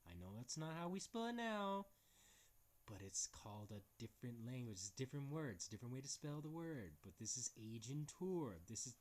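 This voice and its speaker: A man's voice: medium pitch, sing-song, moderate pace. A man reading book passages aloud and breaking in with crude, mocking remarks. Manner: blunt, crude, mocking, swears often; reads passages aloud then comments. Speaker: video host reading from books. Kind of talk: casual, profane commentary reading quotes aloud.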